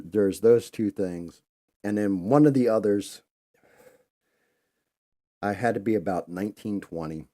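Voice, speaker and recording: Deep-voiced man telling rambling stories. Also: dark tone. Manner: rambling, loose, conversational. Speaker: host. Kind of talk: casual live-stream storytelling.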